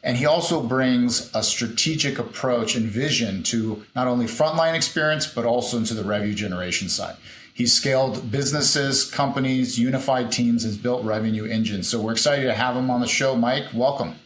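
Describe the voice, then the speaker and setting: A man's voice: medium pitch, normal speed, a bit bright. A man hosting a podcast, introducing his guest and asking him questions in an upbeat way. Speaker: podcast host. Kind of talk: podcast interview. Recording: roomy echo.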